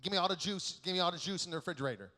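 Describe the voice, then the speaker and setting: A man's voice: sits high, very fast, bright, forceful tone. A man voicing a rambling, paranoid small-town man who asks the same anxious questions over and over. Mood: anxious pleading. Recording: echoey large hall.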